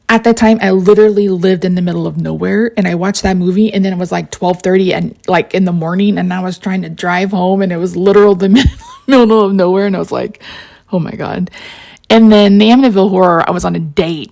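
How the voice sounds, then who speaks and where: A woman's voice: on the low side, vocal fry, dark tone. A woman, narrating a crafting tutorial in a rambling, chatty way full of side stories. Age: 40s. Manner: rambling, storytelling asides, frequent laughs.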